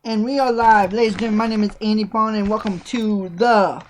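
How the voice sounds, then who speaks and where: A woman's voice: medium pitch, steady tone, brisk, a little hiss or hum. A woman hosting a podcast, playful and teasing, hyping up guests in a casual chat. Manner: playful hype-man delivery, teasing. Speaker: podcast host. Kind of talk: hyped show host intro and casual chat.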